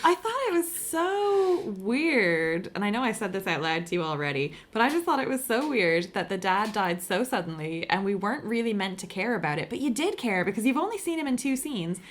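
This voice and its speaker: A woman's voice: medium pitch, big pitch swings, fairly quick, few pauses. A woman co-hosting a podcast, talking in an easygoing, thoughtful and agreeable way. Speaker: podcast co-host. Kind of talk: casual chat.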